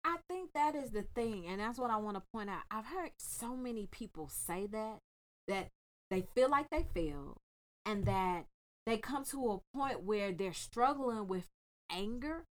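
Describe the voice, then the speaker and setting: A woman hosting a casual chat, frank and animated, laughing as she talks. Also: medium pitch, a little slow.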